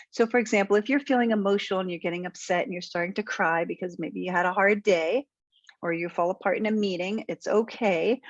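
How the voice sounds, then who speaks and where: A woman's voice: medium pitch, dry recording. An assertive, encouraging woman coach speaks straight to her viewers and lays out plain examples. Her voice sits in a middle range. It comes across dry and close, with a slightly dull, muffled tone. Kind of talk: direct-to-camera tip video.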